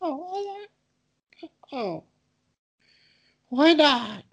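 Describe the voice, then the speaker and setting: A woman putting on a high, wheedling impression of a clingy male actor for comic banter. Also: very animated, exaggerated voice. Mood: creepy wheedling. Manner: wheedling, squeaky, drawn-out.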